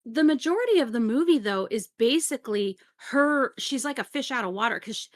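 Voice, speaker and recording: A woman's voice: on the high side, animated, fairly quick. A woman co-hosting a podcast, chatting casually about a movie, laughing often and acting out lines she quotes. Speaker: podcast co-host.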